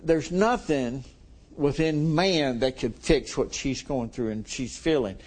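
Folksy man preaching, slow delivery. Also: medium pitch, a little mellow. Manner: folksy, chuckles to the congregation. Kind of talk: sermon.

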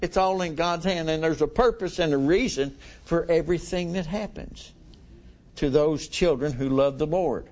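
A man's voice: a little high, moderate pace, a little mellow. A middle-aged male preacher giving a folksy, conversational sermon, chuckling often and asking the congregation questions.

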